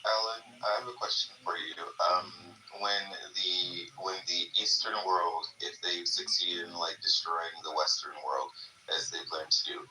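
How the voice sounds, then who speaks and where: Very deep, flat man, hesitant. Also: echoey room, far from the mic, a little hiss or hum, low-quality recording. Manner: hesitant, halting, fills with ums. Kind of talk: asking a question in an online voice chat.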